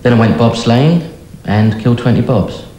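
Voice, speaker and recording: An actor playing a patient and a therapist, trading deadpan one-liners. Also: male voice, medium pitch, moderate pace, close to an everyday voice. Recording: echoey room with faint noise.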